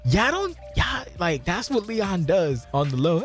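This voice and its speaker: A man's voice: sits high, measured pace, faint music behind. A man hosting a podcast, talking casually in a rambling, profane way and sounding tipsy. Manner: rambling, profane, animated storytelling. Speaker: podcast host. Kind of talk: casual chat.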